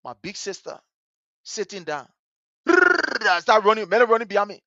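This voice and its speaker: A man with a Liberian English accent hosting a talk show. He tells a story with passion, swinging between hushed and loud. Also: sits high, very animated, quick pace, no echo, lo-fi sound. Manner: vivid, story-driven. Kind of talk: animated radio commentary with storytelling.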